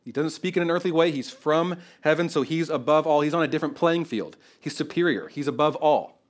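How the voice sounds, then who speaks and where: Animated conversational male preacher. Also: fairly high pitch, fairly quick. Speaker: pastor. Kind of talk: expository sermon.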